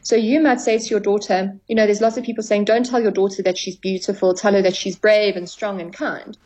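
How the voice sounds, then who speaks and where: A woman's voice: mid-range voice, little pitch movement, fairly quick, a little mellow, low-quality recording. A woman therapist as a radio guest, explaining at length and acting out dialogue with clients. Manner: explanatory, acts out quoted dialogue. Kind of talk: radio interview.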